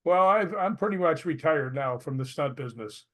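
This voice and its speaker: An older man with a voice that sits a little high for a man talks as a guest in a relaxed interview. He is an animated storyteller who laughs easily and acts out what everyone said. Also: moderate pace. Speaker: interview guest, retired stuntman.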